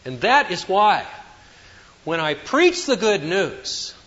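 A man's voice: sits high, big pitch swings, takes it slowly. Emphatic preaching man, echoing hall. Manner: emphatic, swinging between loud declarations and hushed asides. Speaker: pastor. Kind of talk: sermon. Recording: dull lo-fi sound with long hall reverb.

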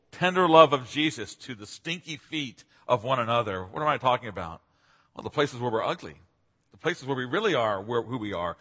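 Bright, husky-voiced man preaching in a hall. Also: medium pitch. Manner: earnest expository preaching with emphatic rises. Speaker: pastor. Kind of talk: sermon.

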